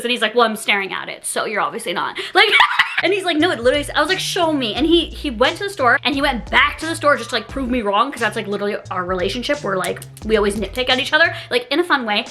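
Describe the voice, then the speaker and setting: A young woman doing a casual food taste-test vlog, gasping and rambling excitedly with lots of "like.". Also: high voice. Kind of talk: casual food review chat.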